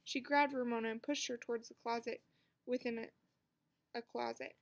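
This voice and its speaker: A woman reading a children's book aloud with expressive storytelling. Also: on the high side, moderate pace, gravelly. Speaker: narrator.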